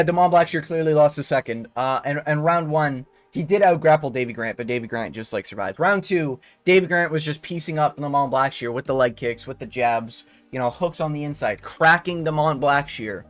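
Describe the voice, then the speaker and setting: Young guy, fight analyst, casual and profane, slightly high voice, light music bed. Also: normal speed. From Canada. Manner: rambling, profane, slangy, keeps tagging "okay?". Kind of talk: casual fight breakdown commentary.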